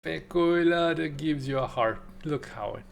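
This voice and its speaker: A man's voice: a little high, normal speed, creaky, a little hiss or hum. A man streaming live from a home setup, joking playfully and chatting with his viewers. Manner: playful, joking, mock German phrases. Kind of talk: casual livestream chat with viewers.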